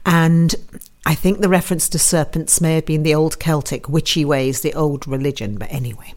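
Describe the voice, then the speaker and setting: A chatty woman with a notably low voice hosts a live internet radio show. She talks casually and rambles a little, slipping in self-deprecating asides as she greets listeners. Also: moderate pace, darkish tone. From United Kingdom. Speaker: radio host and psychic advisor.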